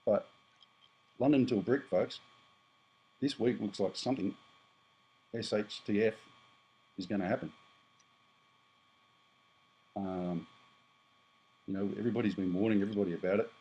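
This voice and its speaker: A man's voice: on the low side, fairly even intonation, moderate pace, long pauses, warm tone, slightly rough, low-quality recording. Blunt rambling Australian man in his fifties. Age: 50s. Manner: blunt, rambling, self-correcting. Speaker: prepper vlogger. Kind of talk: casual monologue to camera.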